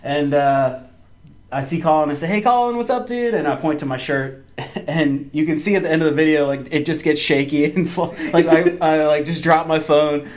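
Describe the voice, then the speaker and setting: A young man tells a story with rising excitement, his voice sitting a little high. He slips into higher-pitched quotes of himself and others, laughing through the tale. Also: normal speed. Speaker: fan event organizer. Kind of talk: casual podcast chat.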